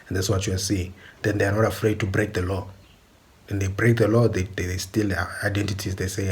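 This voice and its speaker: A man's voice: deep voice, level tone, fairly quick. A man giving an insistent opinionated monologue, often checking that the listener understands. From South Africa. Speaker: commentator.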